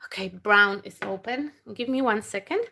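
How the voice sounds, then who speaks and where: A woman's voice: mid-range voice, pushed and bright, slight background noise. A woman with a non-native English accent hosting a casual craft live stream, chatty and laughing as she works, with slushy sh sounds. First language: not English. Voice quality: slushy sh sounds, slow and halting. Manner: chatty, laughs often, talks while working.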